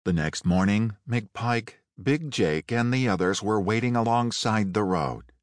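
A man narrating a Western audiobook in a measured, unhurried storytelling manner. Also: fairly low pitch, lively intonation, no echo. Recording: dry close studio read.

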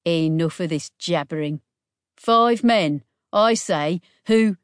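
A smooth, menacing bandit captain drawls his threats in a low, unhurried voice. A woman narrator puts him on for an audiobook. The recording is dry and close. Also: sing-song, no echo, full character voice. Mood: suave threat. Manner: smooth, slow and condescending. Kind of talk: audiobook character voice.

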